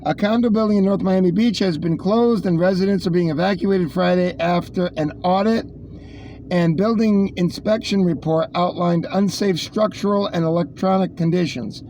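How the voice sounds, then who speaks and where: A man's voice: sits high, normal speed, a little mellow, a little hiss or hum. A man hosting a casual news rundown, rambling with sarcastic asides. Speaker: host reading the news.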